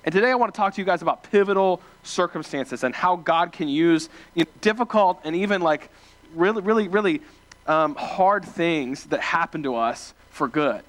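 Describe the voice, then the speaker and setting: Young male preacher from small-town Ohio, high voice, animated and filler-heavy storytelling. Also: moderate pace. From small-town Ohio, USA. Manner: animated, self-deprecating, many fillers and restarts. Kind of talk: casual storytelling sermon.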